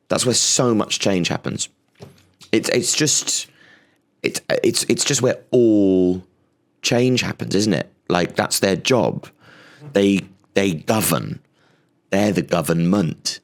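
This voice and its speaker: A man with a low, gravelly voice rants as a comedian host, sarcastic and exasperated. He keeps tripping over his own restarts, and his pitch jumps when he mocks others. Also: slow, long pauses. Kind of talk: comic rant monologue.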